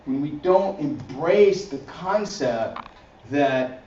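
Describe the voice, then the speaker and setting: A slightly high, darkish male voice with lively intonation moves extremely slowly, with a little background noise. He is a ministry teacher in a recorded session, teaching a church class casually and repetitively, restarting phrases and tagging on "right?". The audio is roomy, distant, dull and lo-fi.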